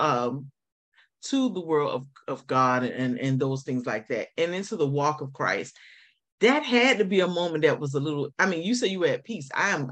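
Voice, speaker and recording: A woman hosting a faith interview, asking questions and reflecting in an animated way. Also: on the low side. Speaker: host. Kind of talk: faith talk show interview.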